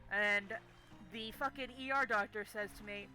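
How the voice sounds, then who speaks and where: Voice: mid-range voice, steady tone, moderate pace, pushed and bright, soft background music, poor audio. A young adult game streamer telling a story casually while playing, swearing constantly in an exasperated rant.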